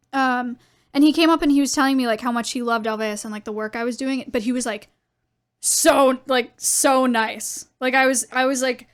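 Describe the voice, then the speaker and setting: A young woman with a high, bright-pitched voice, chatting casually to her stream audience. She tells animated stories, acts out both sides of conversations, and often breaks into laughter. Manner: animated storytelling with laughs and quoted dialogue.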